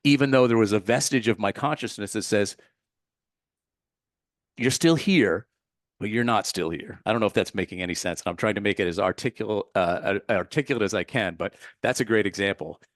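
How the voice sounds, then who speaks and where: Low-voiced man telling a reflective story. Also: brisk, no echo, clean studio sound. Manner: reflective, earnest, searching for words. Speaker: meditation teacher, podcast guest. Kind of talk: casual interview storytelling.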